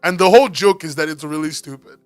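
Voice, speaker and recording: A man's voice: on the high side, fast talker, dry recording. Man, casual stream chat, jokey and laughing, dry close sound, faint music behind. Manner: laughs often, swears, jokey.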